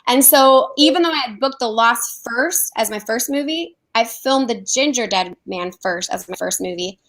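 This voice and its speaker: Woman telling lively anecdotes. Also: on the high side, moderate pace, poor audio. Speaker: actress guest. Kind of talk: casual interview storytelling.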